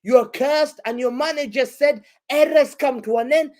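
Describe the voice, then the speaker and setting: A man with an unusually high, bright-toned voice talks football on a live stream, gleeful and mocking as he rips into a rival club. He drops street slang, laughs at his own jokes, and talks over a desk microphone on a video call. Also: normal speed. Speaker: guest pundit.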